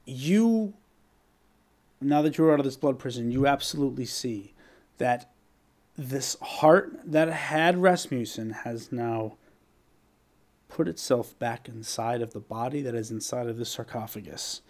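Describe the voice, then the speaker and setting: A male game master narrating a tabletop session. He paints scenes in detail and builds suspense at a mid pitch. His delivery is conversational and steady. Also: unhurried.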